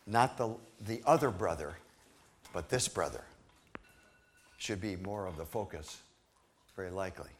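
A man's voice: low-pitched, unhurried, pauses often, slight background noise. A man preaching a sermon, reading scripture dramatically and asking the congregation rhetorical questions.

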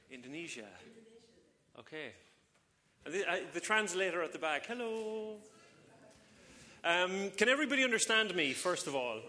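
A man's voice: a little high, pushed and bright, big-room sound. A man in his thirties with a British accent, a visiting church speaker chatting and joking casually with the congregation. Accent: British English. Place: church service in front of a congregation.

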